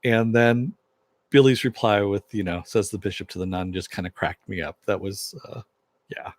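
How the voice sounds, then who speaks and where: A man's voice: on the low side, fairly even intonation, normal speed. A man giving a casual recap of a TV episode, retelling it loosely with fillers and asides. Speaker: TV episode reviewer.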